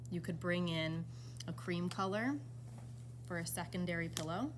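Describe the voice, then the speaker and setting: A woman giving an enthusiastic, relaxed walkthrough of furniture fabric pairings. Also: lowish voice, moderate pace, noisy background. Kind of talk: product walkthrough.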